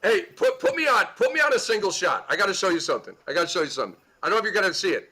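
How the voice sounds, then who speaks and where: A man hosting a casual podcast, excitable and laughing easily while calling on his co-hosts. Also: high voice, rapid-fire, few pauses. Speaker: podcast host.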